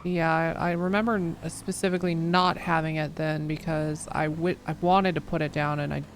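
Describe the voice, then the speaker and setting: A woman's voice: sits low, level tone, normal speed, a little hiss or hum. A woman streamer chatting casually while she plays, rambling and swearing with lots of fillers. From United States. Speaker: streamer playing a role-play game. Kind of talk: casual gaming chat.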